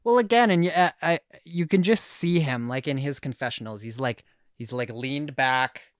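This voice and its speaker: A man's voice: mid-range voice, moderate pace, smooth, dry recording, clean studio sound. Chatty male podcast co-host. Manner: chatty, laughs easily, frequent restarts and fillers. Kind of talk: casual chat.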